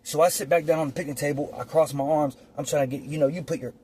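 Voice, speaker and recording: A man telling a personal story casually, outdoors on his phone, animated and profane, acting out the scenes as he goes. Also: fairly high pitch, fast talker, slight background noise. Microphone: phone or camera.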